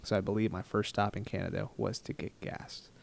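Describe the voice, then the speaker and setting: A man telling a travel story in a rambling, animated, self-mocking storytime vlog style. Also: lowish voice, brisk, gravelly. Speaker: travel vlogger.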